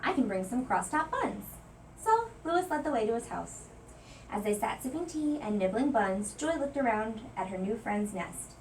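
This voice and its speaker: Expressive high-voiced woman reading a storybook. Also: normal speed, a little hiss or hum. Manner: expressive, dramatic storyteller, hushed at suspense. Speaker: teacher. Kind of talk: reading a children's picture book aloud. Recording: voice from a distance from the mic.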